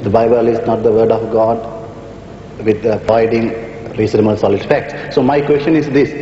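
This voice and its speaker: A man's voice: lowish voice, steady tone, brisk, mellow, slight background noise. A man from the audience asking a question at a public debate, hesitating with fillers. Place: large hall with an audience. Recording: muffled echoey hall recording.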